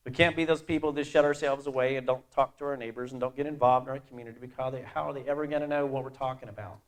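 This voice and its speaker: Animated middle-aged male pastor preaching. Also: medium pitch, rapid-fire. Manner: conversational and animated, swinging between loud emphasis and quiet asides. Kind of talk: sermon.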